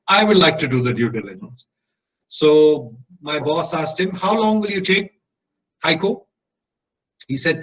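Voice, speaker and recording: A middle-aged man with an Indian English accent, giving a motivational talk as an animated storyteller who acts out the dialogue. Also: on the high side, far from the mic, rough recording. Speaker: motivational speaker.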